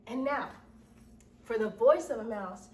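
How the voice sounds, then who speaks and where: A woman teaching children an acting lesson, explaining slowly and patiently and often asking "right?". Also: on the high side, a little hiss or hum. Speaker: drama teacher. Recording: roomy echo, from mic distance.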